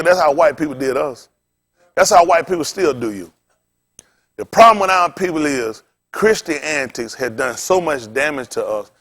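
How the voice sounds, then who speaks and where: A male pastor preaching in a storytelling style, acting out the voices of people in his stories and laughing often. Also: high-pitched. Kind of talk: sermon with storytelling.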